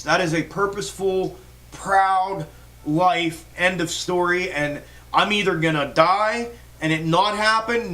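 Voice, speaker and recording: A man's voice: sits high, pushed and bright, rough recording. A man hosting a stock market livestream, talking in a fired-up, rambling way with lots of swearing, restarts and fillers while he answers viewer comments. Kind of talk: casual livestream chat reading viewer comments.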